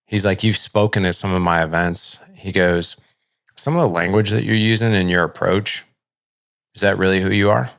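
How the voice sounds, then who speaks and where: A man's voice: sits low, steady tone, moderate pace, gravelly, a bit bright, no echo, studio quality. A middle-aged man, a podcast host, candidly telling a personal story in a casual, conversational way, full of "like" and acted-out dialogue. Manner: heavy use of filler "like", acts out dialogue.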